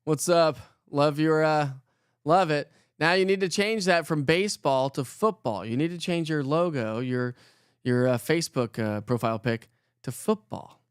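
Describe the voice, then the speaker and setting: A man's voice: on the high side, normal speed, clear, resonant tone, dry recording, studio quality. A man from Colorado hosting a morning weather livestream, chatting casually and greeting viewers by name in an upbeat, joking way. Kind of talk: casual live-stream chat reading viewer comments.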